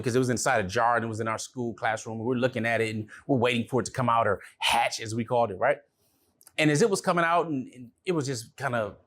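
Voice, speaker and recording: Conversational male relationship coach. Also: medium pitch. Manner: storytelling, conversational, with religious phrases. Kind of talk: casual talk to camera.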